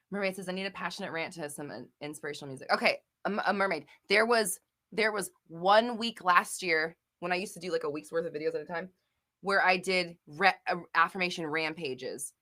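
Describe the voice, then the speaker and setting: A woman's voice: lowish voice, bright, forceful tone. A woman hosting a live Q&A stream, who reads viewer comments and rants with passion, swearing freely. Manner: laughs often, talks quickly.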